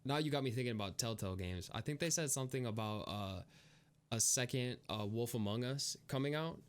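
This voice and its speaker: A man's voice: mid-range voice, brisk, smooth. Rambling young man co-hosting a podcast. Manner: rambling, laughs often, lots of "like". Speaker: podcast co-host. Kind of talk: casual chat.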